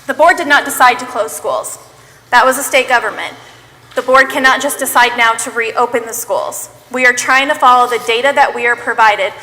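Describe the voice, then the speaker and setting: A woman's voice: high-pitched, sharp tone, in a large hall, low-quality recording. A woman leading a public school board meeting, speaking in an earnest, plainspoken and impassioned way. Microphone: meeting microphone on a live stream.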